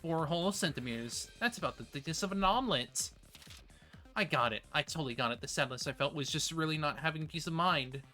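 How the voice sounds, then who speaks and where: A streamer reading aloud as a sad child who longs for its mother's love, in a plain, calm delivery. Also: mid-range voice, a little fast, faint music behind. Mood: quietly resigned. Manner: reading game dialogue aloud in a calm, matter-of-fact way. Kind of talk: reading game text aloud.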